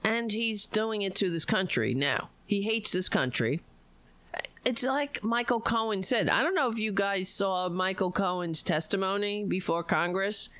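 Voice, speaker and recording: A woman's voice: medium pitch, a little slow, fairly bright tone, dry recording. A woman hosting a livestream, ranting about politics on a close mic, profane and sarcastic. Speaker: livestream host. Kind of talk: casual political rant.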